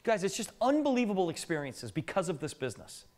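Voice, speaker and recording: A man's voice: sits high, big pitch swings, fast, a little mellow. Joking man presenting to a crowd. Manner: joking storyteller, asks the audience questions. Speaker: business presenter. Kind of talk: live business presentation with anecdotes. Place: meeting room with a live audience.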